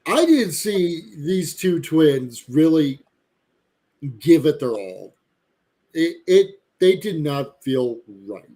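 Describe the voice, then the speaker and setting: A man chatting on a casual live show, his voice sitting a little high but mellow and soft-edged. He talks animatedly and often breaks into mocking, exaggerated voices. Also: sing-song, slow. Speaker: podcast co-host. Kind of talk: casual chat.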